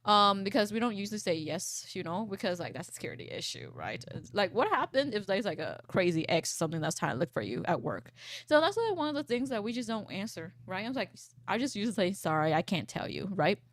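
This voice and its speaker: A woman in her twenties, a VTuber, chatting casually and reading posts aloud on stream, rambling and swearing, with a froggy, croaky low voice. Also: big pitch swings, fast talker, no echo, studio quality. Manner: rambling, swears, laughs often.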